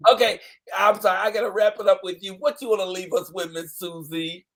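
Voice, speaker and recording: A man's voice: high-pitched, brisk. Playful male talk-show host. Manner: playful, animated banter. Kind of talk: casual chat.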